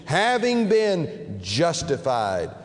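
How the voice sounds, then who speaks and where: A man preaching from the pulpit, his voice sitting a little high for a man. He draws out key words slowly and then rushes through stories. The sound rings with the long reverb of a big sanctuary. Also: huge pitch swings. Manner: dramatic pulpit delivery with slow, emphatic phrases. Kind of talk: sermon. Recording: long reverb of a large hall.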